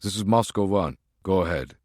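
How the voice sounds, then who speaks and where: A cold, commanding conspirator boss, played by a man, his voice low and curt. He speaks with quiet, controlled menace. The sound is dry and close. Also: normal speed, dry recording.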